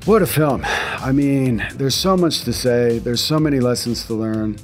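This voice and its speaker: A man's voice: mid-range voice, measured pace, faint music behind. A man in his thirties hosting a solo podcast from his home garage, talking casually, eagerly and with lots of restarts. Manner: enthusiastic, rambling, self-interrupting. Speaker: podcast host.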